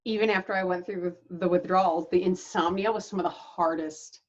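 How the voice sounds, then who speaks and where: A woman's voice: on the low side, steady tone, brisk, lo-fi sound. A woman hosting her own channel, telling her life story to the camera in a candid, chatty way and laughing between lines. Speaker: channel host.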